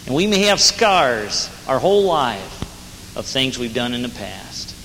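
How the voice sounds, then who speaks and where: A man's voice: mid-range voice, big pitch swings, takes it slowly, fairly bright tone. A man preaching an earnest, plain-spoken sermon with rising emphasis, as a jail minister. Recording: hall reverb with faint noise.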